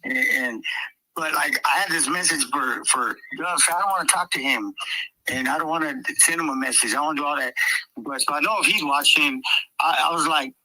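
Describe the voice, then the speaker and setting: Man, casual podcast chat, emphatic, repeats phrases, slightly high voice, noisy recording. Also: fairly quick, sharp tone. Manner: repetitive, emphatic, drops into mocking quoted voices.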